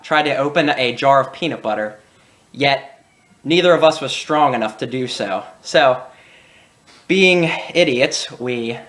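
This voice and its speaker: A young adult man hosting a casual video, telling childhood stories with laughs and acted-out quotes. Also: on the high side. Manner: animated, laughing, acts out quoted voices. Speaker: channel host. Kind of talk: casual storytelling.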